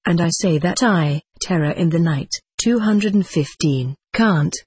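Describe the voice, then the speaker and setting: A woman reading a hypnosis session aloud, speaking each part in an even, measured narrating voice and reading the cues out. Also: on the low side, breathy edge, dry recording. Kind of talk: audiobook narration.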